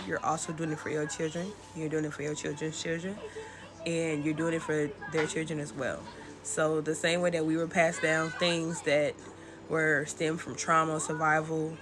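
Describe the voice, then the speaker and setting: A young adult woman giving a casual, encouraging motivational talk to camera, addressing the listener warmly and conversationally. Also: low voice. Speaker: spiritual content creator.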